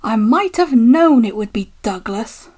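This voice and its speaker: A woman's voice: on the high side, lively intonation, unhurried, dark tone. Woman doing a stern, indignant railway boss. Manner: indignant, formal, dry. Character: pompous stern railway boss, older man.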